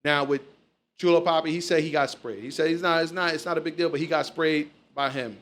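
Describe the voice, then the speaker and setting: A man's voice: a little high, steady tone, brisk, fairly bright tone. A man hosting a casual chat, telling stories loosely and swearing freely. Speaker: podcast host.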